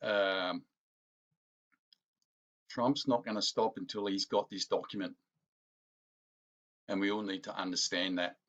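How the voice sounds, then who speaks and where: A man's voice: fairly low pitch, fairly even intonation, a little slow, long pauses, fairly bright tone, lo-fi sound. A man hosting a political commentary vlog, ranting indignantly and calling his viewers folks. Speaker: political commentary channel host.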